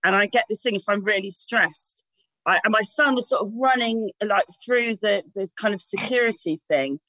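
A woman in her thirties tells candid, sweary stories with frequent laughter. Her voice is bright and forceful, heard close and dry. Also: mid-range voice, moderate pace, dry recording, low-quality recording. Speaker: guest. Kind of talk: casual chat.

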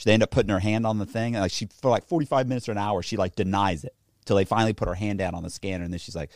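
Profane, indignant man with a low voice. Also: very fast, no room sound, studio quality. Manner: profane, animated, indignant retelling. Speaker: interview guest telling his own story. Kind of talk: casual storytelling, reacting to a documentary clip.

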